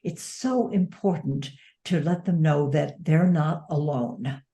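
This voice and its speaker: A woman's voice: low voice, takes it slowly, mellow. A woman who is an author and dementia advocate, speaking as an interview guest in an earnest, reflective way, stressing key words. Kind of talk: conversational interview.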